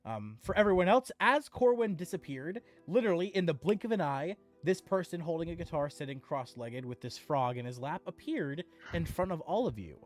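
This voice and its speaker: A woman's voice: low-pitched, animated, fairly quick, few pauses, soft background music. A woman running a tabletop game as dungeon master, narrating scenes descriptively with the odd filler.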